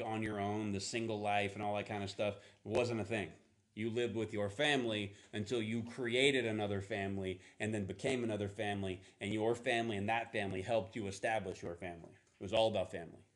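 A man preaching a sermon in a casual, animated storytelling manner, acting out playful voices. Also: fairly low pitch. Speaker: pastor.

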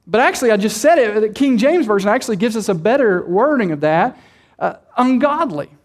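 Man, pastor, very high voice, emphatic sermon, repeats words for weight, questions the congregation. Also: expressive, fairly quick. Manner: emphatic preaching, repeats and stretches key words; addresses the congregation directly with questions.

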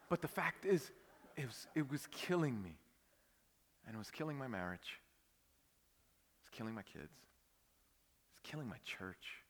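A pastor preaching a sermon, telling a personal story that swings from hushed whispers to loud outbursts. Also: male voice, medium pitch, big pitch swings, a little slow, pauses often, in a large hall, a little hiss or hum.

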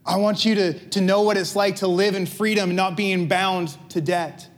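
The pastor, a man whose voice sits notably high, keeps a steady tone at normal speed through an easy, chatty sermon. He mixes rhetorical questions and gentle jokes in among the scripture passages.

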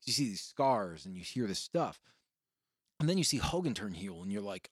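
A man hosting a podcast in casual chat, telling rambling, profane stories with bursts of excitement. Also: lowish voice, moderate pace, dry recording, clean studio sound. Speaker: podcast host.

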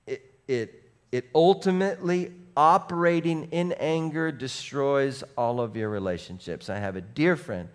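A man preaching a sermon as pastor, animated, going from soft asides to shouts and acting out what people say. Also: mid-range voice. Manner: animated, swings between soft and shouting, acts out quotes.

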